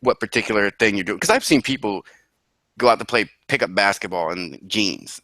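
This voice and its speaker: Sick but still co-hosting a casual podcast chat, this man curses freely, laughs a lot, and plays at disbelief. On a dry recording, his lowish voice sounds sharp, with lively intonation and a brisk pace.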